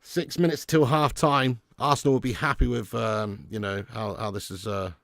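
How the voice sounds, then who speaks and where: A man's voice: medium pitch, normal speed, gravelly, no echo, clean studio sound. Chatty man hosting a watch-along. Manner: chatty, reads out and answers viewer comments; bursts into loud excitement at match action. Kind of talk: live match watch-along chat.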